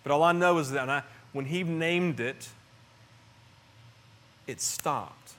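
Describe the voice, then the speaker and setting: Middle-aged male pastor, slightly high voice, earnest conversational preaching with hushed and loud swings. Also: slow. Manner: earnest and conversational, with frequent restarts and swings in loudness. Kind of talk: sermon.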